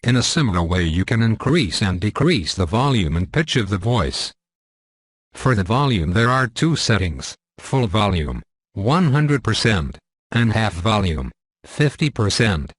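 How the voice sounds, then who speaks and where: A man reading a scripted software tutorial in a measured, step-by-step instructional manner. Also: fairly low pitch, sing-song, husky, no echo.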